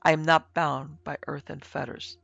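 A man's voice: on the high side, flat delivery, normal speed, vocal fry, fairly bright tone, dry recording. A man voicing a fanatical priest, mad with joy and then cold and curt, in a dull, dry lo-fi recording. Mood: exultant.

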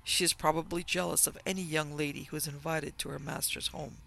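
A man reading a thoughtful gentleman who calmly explains someone's odd behavior. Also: fairly high pitch, a little fast, vocal fry, slight background noise, heavily acted, rough recording. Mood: reasoning. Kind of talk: audiobook character reading.

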